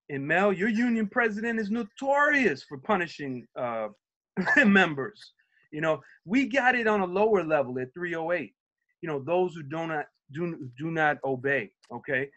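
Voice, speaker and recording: A man speaking on a video call as a union organizer, telling an animated story and acting out shouted quotes. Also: a little high. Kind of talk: virtual meeting talk, storytelling.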